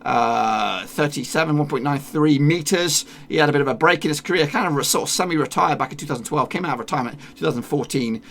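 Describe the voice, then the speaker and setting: A man talks through a football lineup in a loose, rambling way, filling gaps with "uh" and restarting his sentences. His voice sits a little high, with a gravelly fry and a bright, forceful edge. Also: fast talker, hardly any pauses. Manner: chatty, rambling with many fillers and restarts. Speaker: football video creator. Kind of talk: casual football commentary over a team lineup.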